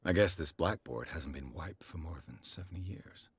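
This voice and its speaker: An actor playing a world-weary male detective in a video game, making dry, measured remarks. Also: very deep voice, husky, no echo, exaggerated voice. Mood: wry.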